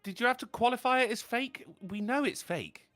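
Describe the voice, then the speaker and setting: Bright, joking male stream co-host. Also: very high-pitched, moderate pace, no echo, clean studio sound, soft background music. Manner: joking, teasing banter. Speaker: podcast co-host. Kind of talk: casual live-stream chat.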